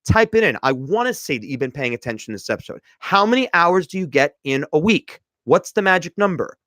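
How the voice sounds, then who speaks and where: A man's voice: a little high, very animated, fairly quick, a bit bright, dry recording. A man hosting a motivational podcast stream, talking to viewers in an emphatic, lecturing way and repeating his points. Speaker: podcast host. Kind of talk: motivational livestream talk.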